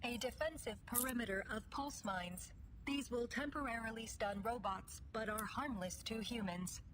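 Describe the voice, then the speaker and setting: A woman's voice: a little high, normal speed, background noise, lightly acted. A woman voicing a formal, loyal female android security guard in a video game, speaking in a precise, composed way. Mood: composed, dutiful.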